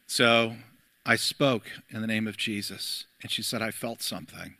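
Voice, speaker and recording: A middle-aged pastor preaches to his congregation, unhurried and storytelling, with frequent "uh"s between phrases. His voice is bright and ringing, and the sound is close and dry, with no echo. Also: lowish voice, fairly even intonation. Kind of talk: sermon. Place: church.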